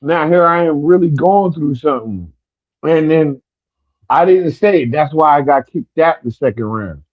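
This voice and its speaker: A man's voice: fairly high pitch, animated, normal speed. Stammering storytelling man, lo-fi sound. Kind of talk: casual podcast chat. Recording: dull lo-fi sound.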